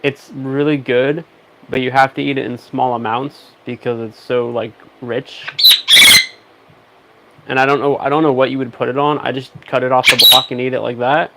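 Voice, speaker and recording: A man's voice: medium pitch, little pitch movement, moderate pace, very noisy. A man hosting a casual livestream, chatting with viewers and coaxing his pet bird. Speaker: pet parrot owner streaming.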